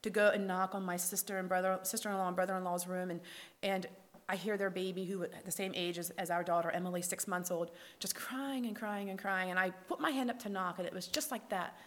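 A woman telling a personal faith testimony as a lively storyteller, acting out the dialogue and dropping to a whisper at tender moments. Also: fairly low pitch, brisk. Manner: lively storyteller who acts out quoted dialogue. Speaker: speaker sharing her faith testimony.

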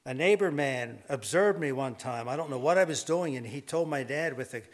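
A man's voice: mid-range voice, expressive, moderate pace. Older man, preacher, sermon, rambling folksy storytelling, self-deprecating humor.

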